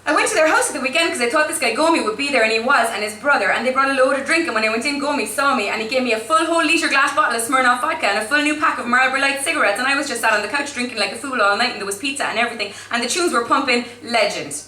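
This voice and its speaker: A woman's voice: high-pitched, rapid-fire, few pauses, sharp tone, reverberant, recorded from a distance. A woman voicing a brash, drunk teenage girl with a real Cork City accent, rambling and swearing through flash fiction. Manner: swaggering, swearing, rambling storytelling. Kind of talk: flash fiction read aloud.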